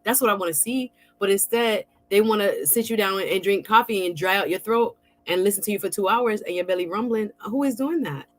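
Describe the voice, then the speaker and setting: A woman hosts a relaxed podcast conversation in a mid-pitched voice. She is chatty and expressive and uses informal slang in easy, flowing talk. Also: a little fast, few pauses, soft background music. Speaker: podcast host. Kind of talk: casual chat.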